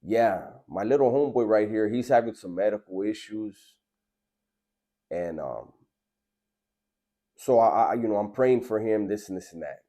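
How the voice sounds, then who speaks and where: Man, low-pitched, casual earnest storytelling. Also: moderate pace, pauses often, dark tone. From Southern California. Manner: laid-back, slangy, earnest.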